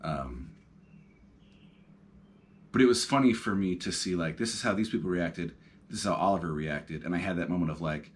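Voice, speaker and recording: A man's voice: low voice, moderate pace, pauses often. A man in his thirties hosting a podcast, talking casually and reflectively from his couch at home, rambling with plenty of ums and uhs. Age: 30s. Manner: rambling, reflective, lots of fillers. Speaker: podcast host. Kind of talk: casual solo talk.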